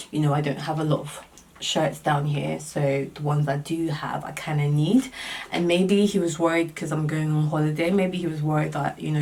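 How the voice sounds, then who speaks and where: A woman vlogger telling a dating story in a casual, animated and exasperated way. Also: low voice, distant mic, a little hiss or hum.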